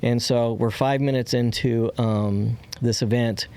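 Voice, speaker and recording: A man's voice: mid-range voice, steady tone, unhurried, dark tone, smooth. A man candidly telling a personal story as a podcast guest. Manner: candid, acts out quoted voices.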